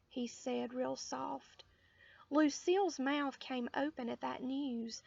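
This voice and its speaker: Slow, high-voiced woman reading a storybook. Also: no echo. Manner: slow, expressive, gently gravelly. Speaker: audiobook reader. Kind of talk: children's storybook narration. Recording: dull lo-fi audio.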